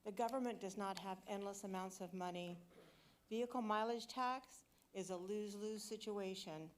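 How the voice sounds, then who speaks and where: A woman firmly reading her public comment at a city council meeting. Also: medium pitch. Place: council chamber.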